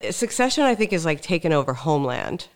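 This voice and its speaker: A woman hosts a podcast and chats with her guest in an upbeat, playful way. Her voice sits a little low for a woman. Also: big pitch swings, fast talker. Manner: upbeat, playful, laughs easily. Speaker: podcast host. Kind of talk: casual podcast interview.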